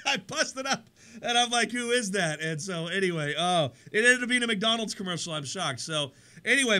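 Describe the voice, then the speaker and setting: Bright-voiced energetic radio host. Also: male voice, a little high. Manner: energetic, rambling, chatty. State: tired, voice worn from talking. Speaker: radio show host and pastor. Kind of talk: casual sports radio chat. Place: radio studio.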